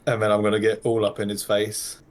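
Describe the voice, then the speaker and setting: A man's voice: on the low side, monotone, a little fast. A man playing a tabletop role-playing game, eagerly describing his attacks with chuckles. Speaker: player.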